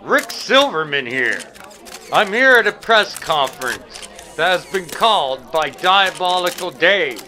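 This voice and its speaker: A man voicing an excited reporter at a press conference, calling out what he sees in a breathless play-by-play. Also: high voice, unhurried, over music, voice pushed up.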